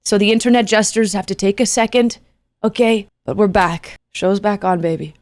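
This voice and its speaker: A woman's voice: mid-range voice, fairly even intonation, normal speed, a little mellow, dry recording, clean studio sound. A woman streamer talking earnestly and casually to her chat, rambling and soothing with the odd joke.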